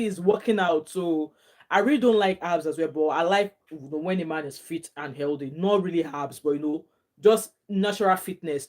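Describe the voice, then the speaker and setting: A middle-aged woman with a Nigerian accent, chatting casually as a vlogger, reading out viewer comments and reacting with frequent laughter and bits of Pidgin. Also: low voice. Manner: chatty and animated, laughs often, drops into Nigerian Pidgin phrases. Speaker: gossip vlogger.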